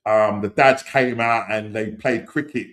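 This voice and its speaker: A man's voice: on the low side, measured pace. Rambling man hosting a stream. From England. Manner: rambling, full of "you know what I mean", excited outbursts. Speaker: podcast host. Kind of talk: casual live-stream chat.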